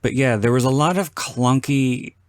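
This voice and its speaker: A man hosting a podcast, chatting casually about a film and acting out scenes with lively, sweary retellings. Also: medium pitch, moderate pace, no room sound, studio quality. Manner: animated storyteller, acts out quoted lines with swearing. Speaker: podcast host. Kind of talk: casual film commentary chat.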